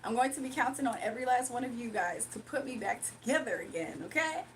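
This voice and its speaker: A woman chatting casually with her viewers on a livestream, animated and laughing often. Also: a little high, fast talker, slight background noise.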